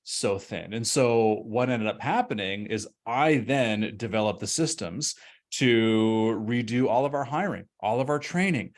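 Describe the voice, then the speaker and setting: Man in his thirties, restaurant consultant, lively conversational webinar delivery. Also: medium pitch, measured pace. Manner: energetic, conversational storytelling. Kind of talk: webinar presentation.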